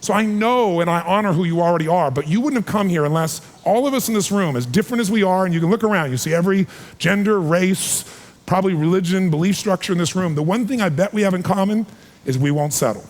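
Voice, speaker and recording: A man in his forties giving an energetic, emphatic seminar talk to a live audience, calling for responses. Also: high voice, quick pace. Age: 40s. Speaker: motivational speaker. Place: large hall with a live audience. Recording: long hall reverb.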